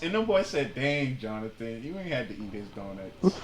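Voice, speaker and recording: A young man streaming a game and telling a long animated story in casual slang, acting out the people in it. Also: medium pitch, normal speed, reverberant. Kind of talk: casual storytelling while gaming.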